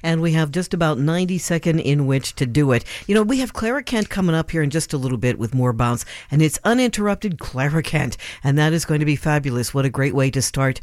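A man hosting a live radio pledge drive, making urgent, animated appeals for donations. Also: on the high side, a little fast, few pauses, no room sound. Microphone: studio microphone.

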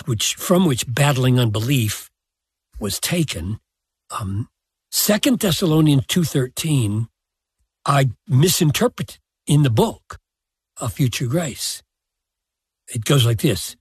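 An older man, a pastor, answering a question slowly and deliberately, with self-deprecating chuckles. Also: medium pitch, expressive, husky, dry recording, clean studio sound. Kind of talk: reflective podcast answer.

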